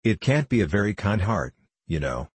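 A man's voice: on the low side, very animated, moderate pace, breathy edge, dry recording. A man reading the lines of a curious, eager young boy wanderer in an audiobook, speaking frankly and asking questions.

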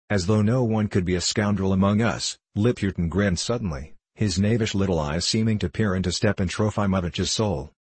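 Deep, husky man reading a novel. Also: brisk, hardly any pauses, darkish tone, no room sound. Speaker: audiobook narrator. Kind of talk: audiobook reading of a classic novel.

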